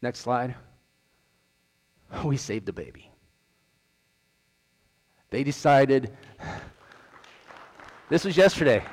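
Man giving a talk in a reverberant hall. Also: medium pitch. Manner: earnest, storytelling, retells dialogue. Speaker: outreach director. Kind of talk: presentation talk with slides.

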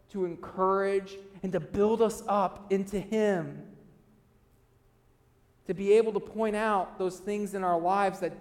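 A male pastor preaching a sermon, earnest, swinging between loud emphasis and quiet low asides. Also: big-room sound.

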